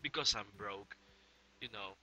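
A man's voice: fairly low pitch, unhurried, bright, forceful tone, a little hiss or hum, low-quality recording. A tipsy young man hosting a gaming channel, rambling and swearing in a casual vlog chat with laughs between lines.

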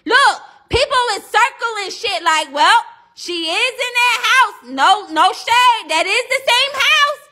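Brash high-voiced woman ranting on a livestream. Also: lively intonation, slow, pushed and bright. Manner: brash, profane, addresses viewers as y'all. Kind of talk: casual livestream rant.

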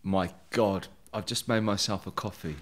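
A man's voice: lowish voice, steady tone, moderate pace. A middle-aged man from England, a guest in an interview, talking candidly with emphatic, heated bursts and jokey asides.

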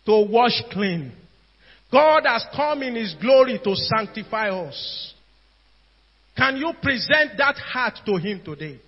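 A man's voice: very high-pitched, expressive, takes it slowly, slightly rough. A man preaching a sermon in a Nigerian accent, earnest, pleading and urgent. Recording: dull, echoey hall with soft music behind.

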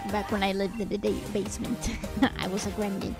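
A woman streamer chatting casually during a game stream, rambling and quick to laugh. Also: mid-range voice. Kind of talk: casual gaming livestream chat. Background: background music.

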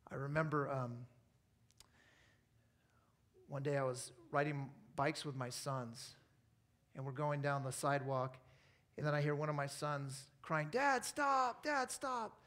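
A pastor with an American accent preaching a weekend church sermon in an earnest, conversational way, mixing scripture with family stories and playful asides. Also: male voice, mid-range voice, level tone, a little slow, long pauses, a bit bright. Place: church service.

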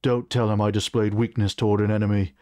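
A man reading a story aloud and voicing a cowardly male orc warrior who pleads loudly. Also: lowish voice, little pitch movement, fast, no echo, studio quality, close to an everyday voice. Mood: grudging. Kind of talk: audiobook reading.

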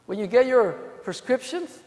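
A man's voice: very high voice, expressive, moderate pace, darkish tone, big-room sound. A man, a DUI defense lawyer, giving a conference talk full of jokes and acted-out courtroom anecdotes. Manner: joking, acts out dialogue with cops and jurors. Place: hotel conference hall.

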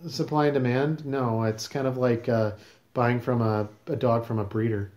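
Guy hosting a podcast, mock-serious teasing, mid-pitched voice bouncing around an echoey room. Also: steady tone, moderate pace, a little mellow. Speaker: podcast host. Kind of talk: casual podcast chat.

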